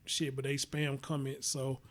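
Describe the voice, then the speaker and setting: A man's voice: mid-range voice, monotone, measured pace, a bit bright. A Southern-accented man hosting a casual livestream, reading an article aloud and talking bluntly and profanely to his chat. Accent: Southern American. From American South. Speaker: host.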